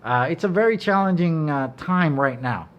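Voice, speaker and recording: A middle-aged man holds forth in casual storytelling, with a voice pitched a little high for a man. He is animated and curses freely. When he acts out what others said, his voice jumps up loud and high. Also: normal speed, clean tone, dull audio. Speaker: cigar brand owner.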